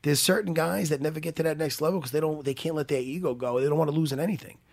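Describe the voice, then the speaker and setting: A man in loose, casual conversation with a slightly high voice. He gets animated, laughs often and swears freely. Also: racing. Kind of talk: casual chat.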